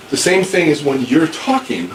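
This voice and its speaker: A man teaching an English class, speaking slowly and clearly and rephrasing things so learners can follow. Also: fairly high pitch, sing-song. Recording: echoey room, distant mic, background noise.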